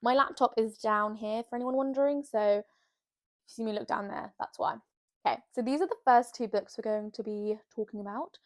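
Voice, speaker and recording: Chatty young woman vlogging. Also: on the high side. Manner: chatty, bubbly, rambling and self-mocking. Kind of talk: casual chat to camera. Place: bedroom, sitting on her bed.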